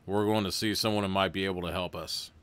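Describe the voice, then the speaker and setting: A man's voice: sits low, fairly even intonation, fast, fairly bright tone, smooth, dry recording. A man reading the lines of a determined male archaeologist adventurer from a gamebook, in his own plain voice.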